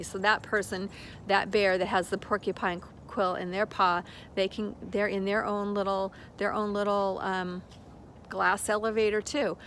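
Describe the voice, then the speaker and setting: An older woman speaks in an unhurried, rambling way, sharing spiritual lessons as a reflective monologue. She slips into little acted-out voices for quoted exchanges as she tells her story. A faint hiss of background noise sits under her voice at a middling pitch. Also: steady tone, fairly bright tone. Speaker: spiritual teacher.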